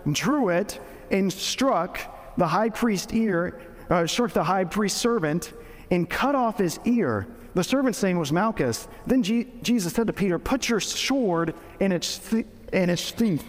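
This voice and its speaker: A man's voice: on the high side, in a large hall. A man preaching a sermon in a casual, joking way, often restarting his sentences. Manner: conversational, joking, with frequent restarts. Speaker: pastor.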